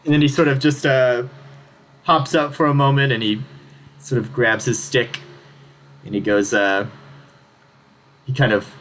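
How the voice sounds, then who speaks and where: A man's voice: medium pitch, steady tone, unhurried, long pauses, a bit bright. A man narrating a tabletop game as game master, casual and rambling, laughing often.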